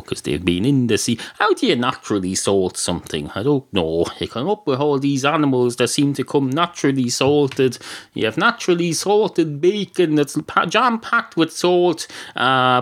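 A man hosting a podcast, delivering an improvised, absurd comic monologue full of hesitations. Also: a little high. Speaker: podcast host.

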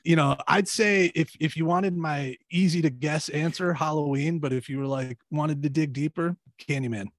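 A man co-hosting a podcast in casual chat, speaking bluntly and with emphasis. His voice is of middle pitch. The recording is dry and close. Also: moderate pace, few pauses, dry recording. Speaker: podcast co-host.

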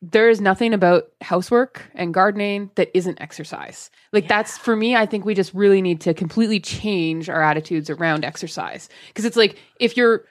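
A woman's voice: medium pitch, moderate pace, few pauses, no echo, studio quality. A woman guest on a podcast chat, emphatic and advice-giving, swearing for emphasis. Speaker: guest panellist. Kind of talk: casual chat.

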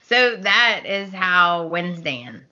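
Slow-talking bright-voiced woman podcaster. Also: fairly low pitch, dull audio. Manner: animated storyteller, acts out characters' lines, laughs often. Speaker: podcast co-host. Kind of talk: casual chat recapping a soap opera.

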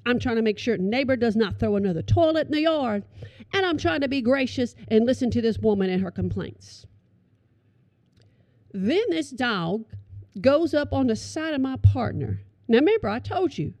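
A middle-aged woman telling comic stories to an audience, animated and calling them y'all. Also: high voice, normal speed, no room sound. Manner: animated, addresses listeners as y'all. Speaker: storyteller.

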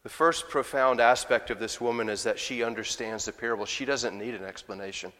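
A man's voice: medium pitch, fairly even intonation, a little fast, hardly any pauses, a bit bright. Brief: male pastor, easygoing sermon delivery, medium voice, lingering hall echo. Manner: conversational, with rhetorical questions. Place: church sanctuary.

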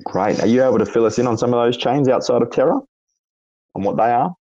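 A man with an Australian accent and a raspy voice, hosting a casual audio chat and asking long, rambling questions with lots of fillers. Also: medium pitch, fast talker, warm tone, no room sound, highs cut off. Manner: rambling, self-correcting questions with frequent fillers. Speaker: host. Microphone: online audio chat room.

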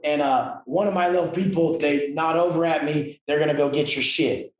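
A man's voice: on the high side, steady tone, normal speed, echoey room, poor audio. A man telling his story as a podcast guest, emphatic, blunt and full of profanity. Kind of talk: casual interview storytelling.

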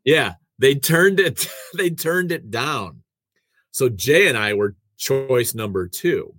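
A man's voice: mid-range voice, expressive, slow pace, fairly bright tone, no echo. A man in casual conversation, telling the story of his career as a radio host and producer with self-deprecating asides.

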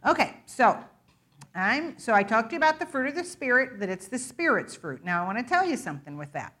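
A woman preaching to a church in a candid, conversational way, quick to laugh at herself as she shares a personal story. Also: fairly high pitch, very animated, fairly bright tone. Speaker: guest preacher. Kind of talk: informal sermon with personal testimony. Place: church sanctuary.

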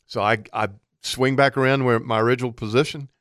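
Male radio co-host who tells long stories vividly; smooth, clear tone, close dry mic. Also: mid-range voice, a little fast, no room sound. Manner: animated storyteller acting out his own thoughts. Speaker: radio outdoor show co-host. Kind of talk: storytelling on talk radio.

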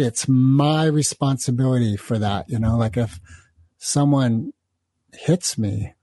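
A man's voice: mid-range voice, slow pace, dark tone, no room sound. A man hosting a solo podcast, telling a story with rambling, self-aware asides. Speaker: podcast host.

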